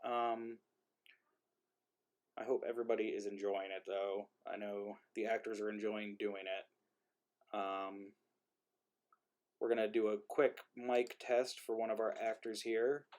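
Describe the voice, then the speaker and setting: A man's voice: fairly low pitch, flat delivery, measured pace, pauses often, a little mellow. A man, the playwright hosting an online play reading, chatting casually over a video call with lots of ums and self-deprecating laughs. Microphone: video call mic.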